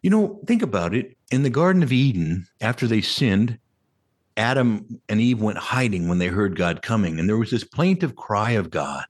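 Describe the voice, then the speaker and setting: A man preaching a sermon as a Catholic priest, animated and conversational, with frequent rhetorical questions to the congregation. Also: on the low side, moderate pace.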